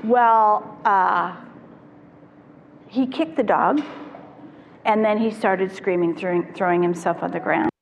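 A middle-aged woman, a child therapist, telling stories to parents in an animated way and acting out the voices she quotes. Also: mid-range voice, slow pace, pauses often. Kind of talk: storytelling talk to parents. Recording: reverberant hall, dull lo-fi sound, faint noise.

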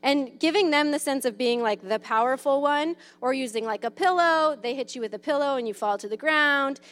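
Casual mom talking parenting, kinda high voice, says like and um a lot, does little kid voices. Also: female voice, a little fast, fairly bright tone. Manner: chatty, lots of "um" and "like", acts out kids' voices. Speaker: mother sharing parenting tips. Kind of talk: casual advice talk.

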